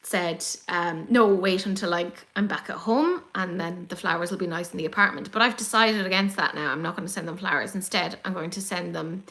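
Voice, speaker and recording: An Irish woman hosting a casual beauty livestream, chatty and excitable, gasping and swearing as she reads comments. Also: on the low side, brisk, few pauses. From Ireland. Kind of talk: casual chat reading live comments.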